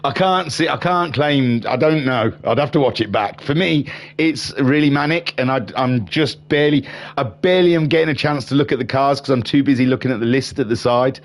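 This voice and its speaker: A man's voice: mid-range voice, brisk. A man giving live sim racing commentary as the channel's host, rambling and joking as he reads out viewer chat between races. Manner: excitable, rambling, jokey. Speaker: race commentator and streamer.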